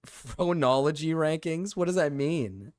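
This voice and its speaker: A man's voice: fairly high pitch, measured pace, dry recording. A man streaming live, chatting loosely with his viewers, joking and swearing casually as he reads the chat.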